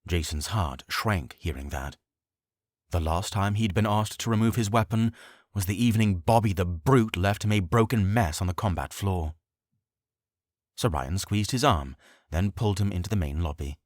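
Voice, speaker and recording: A man reading a fantasy audiobook as narrator, with steady, expressive storytelling. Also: deep voice, normal speed, no echo, studio quality.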